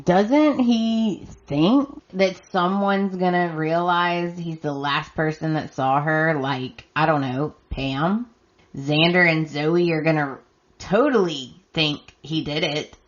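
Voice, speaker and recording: A hoarse woman hosts a solo podcast, speaking slowly with a slightly low voice. She sounds emphatic and a little exasperated, talking straight to her listeners. The audio is dull and lo-fi. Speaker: podcast host. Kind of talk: solo recap commentary.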